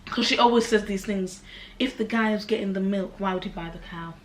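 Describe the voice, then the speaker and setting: A tipsy young woman co-hosting a casual chat, bubbly and quick to giggle. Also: mid-range voice, a little hiss or hum. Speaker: co-host, singer. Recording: echoey room.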